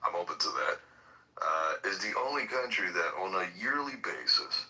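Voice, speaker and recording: Heated, animated male podcast host. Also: low-pitched, fairly quick, recorded from a distance, low-quality recording. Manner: heated, profane, emphatic. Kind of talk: political talk rant.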